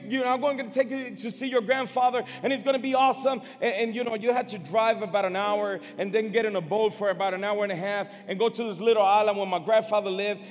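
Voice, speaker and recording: Middle-aged man, high voice, sermon, emotional and halting, repeats words, long hall reverb, faint music behind. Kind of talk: sermon with personal story.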